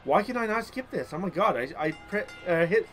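Excitable young man narrating a wrestling game. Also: high-pitched, brisk, soft background music. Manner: excitable, loud outbursts, swears mildly. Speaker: gaming channel host. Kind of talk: let's play commentary.

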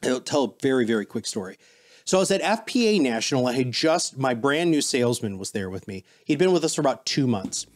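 A man's voice: mid-range voice, fast talker. A man guest on a business podcast, telling stories in casual interview talk and acting out the people he quotes. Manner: animated storyteller, quotes people in voices.

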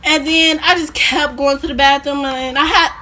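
A woman's voice: high-pitched, fairly even intonation, normal speed, sharp tone. A young woman vlogger chatting casually through a rambling personal story, full of fillers and laughing asides.

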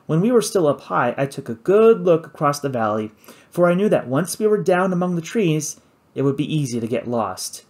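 Expressive man reading an audiobook. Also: on the high side, normal speed. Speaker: audiobook narrator. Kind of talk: first-person audiobook narration.

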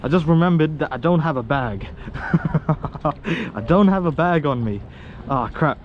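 Young man from Australia, fishing vlogger, slightly high voice, slangy and excitable, faint outdoor hum behind. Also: measured pace, lo-fi sound. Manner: excitable, slangy, laughs often. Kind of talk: casual outdoor vlog commentary. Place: outdoors on a rock wall by the sea.

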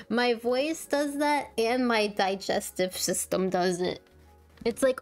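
A woman streamer in a casual chat with her live chat, tired and with a sore throat, soft-spoken and laughing often. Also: on the high side, slow, soft background music. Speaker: VTuber streamer.

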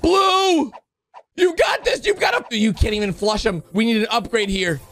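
Excitable high-voiced male commentator. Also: moderate pace, soft background music. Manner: excitable, swinging from loud shouts to low mutters. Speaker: YouTube commentator. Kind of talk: excited commentary over animations.

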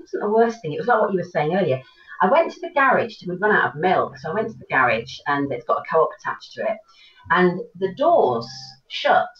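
Lively woman, echoey distant call. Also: on the low side, dull audio. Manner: animated storytelling, laughs often. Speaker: actor. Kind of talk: casual chat.

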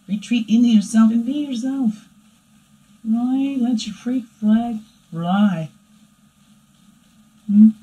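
A woman voicing her own playful alter-ego dark side, giving a rambling, chatty spiritual reading that keeps asking "right?". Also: mid-range voice, natural voice, rough recording. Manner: rambling and chatty, tagging "right?" onto lines. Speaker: spiritual reader. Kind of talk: spiritual daily energy reading.

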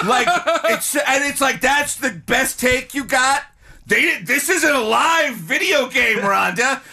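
A man's voice: very high voice, slow pace, vocal fry, sharp tone, husky. A man as a podcast guest, riffing through casual comedic chat and giggling along.

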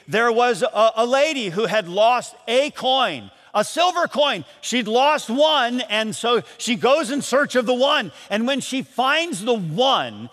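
Pastor guy telling a story in his sermon, higher voice, echoey church hall. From Michigan, USA. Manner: storytelling, animated, acts out calls and quotes.

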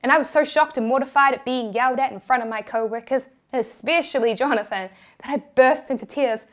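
A woman's voice: high-pitched, a little fast. A young woman with a New Zealand accent narrating a personal story with candid, self-deprecating humor.

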